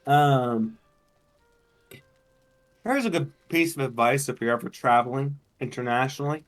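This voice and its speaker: A man's voice: medium pitch, a little slow. Man, co-host on a game stream, casual chat, lecturing and careful, faint music behind. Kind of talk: casual chat while gaming.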